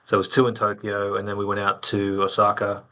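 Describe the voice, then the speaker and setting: A man's voice: fairly low pitch, completely flat delivery, a little fast, pushed and bright. A man from Australia in a metal band, answering questions in a laid-back, joking way. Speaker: band member. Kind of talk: casual interview chat.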